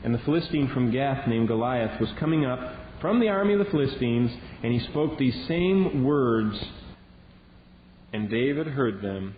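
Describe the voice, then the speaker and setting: A man preaching a sermon as a Bible teacher, telling the story in a lively way and acting out the lines he quotes. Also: medium pitch, moderate pace. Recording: dull lo-fi recording with long reverb and faint hiss.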